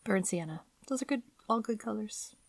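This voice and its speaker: A woman's voice: medium pitch, lively intonation, normal speed, vocal fry, no echo. A woman artist from the United States talking in a casual interview, musing and hesitant, trailing off as she thinks. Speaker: guest artist.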